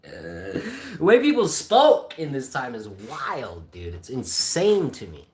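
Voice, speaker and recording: A man reading a classic novel aloud on a livestream at home, with casual asides and frequent throat-clearing. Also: medium pitch, huge pitch swings, slow, darkish tone. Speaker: channel host, reader. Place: home by a Christmas tree. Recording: roomy echo.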